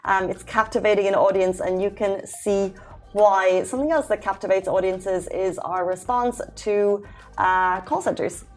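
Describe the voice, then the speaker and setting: A young woman co-hosting a casual talk show, bubbly and emphatic, quick to agree with her co-host. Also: mid-range voice, darkish tone, faint music behind.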